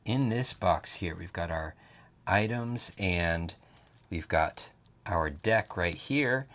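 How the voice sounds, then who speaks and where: A man's voice: deep voice, expressive, slow pace, fairly bright tone. A man narrating a casual board game unboxing as the channel's reviewer, joking playfully as he goes. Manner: playful, jokey commentary.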